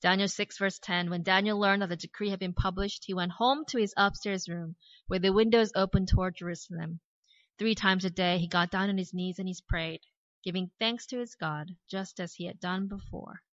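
An Australian woman preaching a sermon, retelling a Bible story with lively storytelling and casual asides. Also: medium pitch, moderate pace, no room sound. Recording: dry, slightly dull recording.

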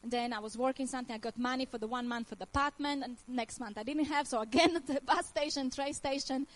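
A woman in her thirties with a Croatian accent shares her personal faith testimony in earnest, nonnative English, speaking with feeling and often breaking into laughter. Her voice is high and fast, and the recording is rough.

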